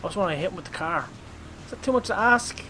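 A man commentating his own gameplay in a casual, rowdy way, swearing freely and bursting into shouts. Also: high-pitched, animated, fast talker.

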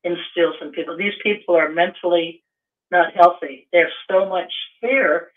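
A man with a notably high voice comes through a narrow, phone-like line. He hosts a casual chat, affirming his guest and preaching his points with conviction. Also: fairly even intonation, normal speed.

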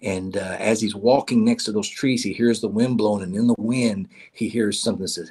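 A man tells a church parable in a folksy, unhurried way, often repeating his words. His voice is low and husky. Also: steady tone, a little mellow. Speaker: preacher telling a parable. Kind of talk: told parable.

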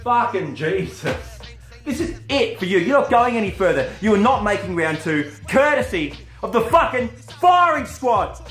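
A man's voice: sits high, big pitch swings, normal speed, fairly bright tone. Profane man with a stutter. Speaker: wrestling character cutting a promo. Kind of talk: trash-talk promo. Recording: roomy with faint music behind.

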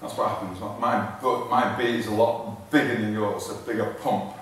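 A man's lowish voice, with fairly even intonation and a moderate pace, comes through slight background noise. As a fitness trainer exercising in front of an audience, he talks informally, loses his breath, repeats phrases and restarts sentences. The setting is a large echoey hall, picked up by a distant microphone.

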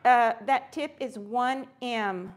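Upbeat high-voiced woman hosting a crafting stream. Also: slow pace. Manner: chatty and upbeat, greeting viewers by name. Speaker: host of a live crafting stream. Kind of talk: casual live-stream chat while crafting.

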